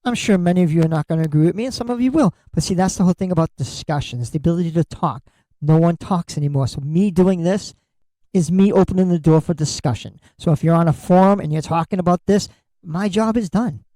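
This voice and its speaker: A man's voice: on the high side, quick pace, dark tone, no echo, low-quality recording. A middle-aged man hosting a solo podcast, talking bluntly and candidly and swearing freely. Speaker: podcast host.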